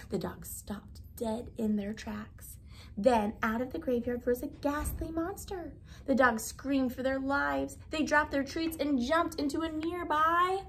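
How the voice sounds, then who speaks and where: A woman teacher reading a storybook aloud in an expressive, animated way. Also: high voice, measured pace, vocal fry, slight background noise.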